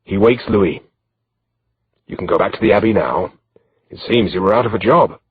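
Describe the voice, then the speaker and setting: A man's voice: fairly low pitch, normal speed, breathy edge, no echo. A man voicing a jovial bearded physician, in a slightly dull lo-fi recording. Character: cheerful bearded male physician.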